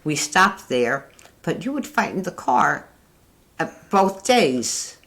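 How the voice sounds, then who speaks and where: An older woman telling family memories in a fond, halting way, with frequent restarts. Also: fairly low pitch, big pitch swings, gravelly, a bit bright. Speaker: interviewee, mother. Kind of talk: casual family reminiscing.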